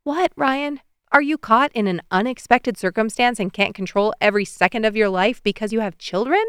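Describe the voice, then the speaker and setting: A woman voicing a sarcastic young mother with a sharp, snarky edge. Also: medium pitch, normal speed, clean tone, dry recording, clean studio sound, lightly acted.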